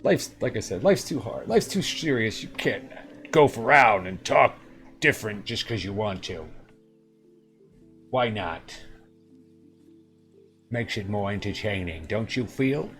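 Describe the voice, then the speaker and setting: A man's voice: on the low side, lively intonation, unhurried, long pauses, fairly bright tone, soft background music. A man streaming live coding, thinking aloud in a rambling, self-amused way. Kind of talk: casual coding chat.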